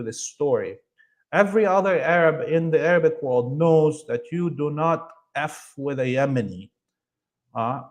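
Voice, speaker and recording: A middle-aged man, a guest in an interview, telling a story in an emphatic, animated way with many fillers and restarts. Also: on the high side.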